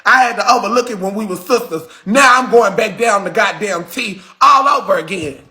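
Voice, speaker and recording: A man hosting a livestream, delivering a heated, confrontational rant with shouting and cursing. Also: high voice, moderate pace, soft background music. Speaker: livestream host.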